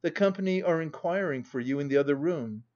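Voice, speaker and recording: A man voicing a stern, dignified older aunt who speaks coldly and gravely, on a dull lo-fi recording. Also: on the high side, animated, darkish tone, close to an everyday voice. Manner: cold, measured, reproving.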